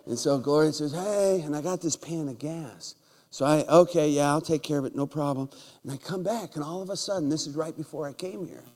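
A man preaching a humorous sermon in a church, telling jokey stories and breaking into loud shouts. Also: a little high, a little fast. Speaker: guest preacher. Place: church sanctuary. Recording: large hall with long reverb.

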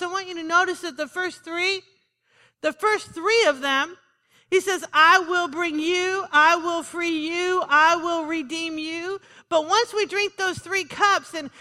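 High bright woman preaching a sermon. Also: in a large hall. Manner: conversational with joking asides and repeated "Amen". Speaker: pastor.

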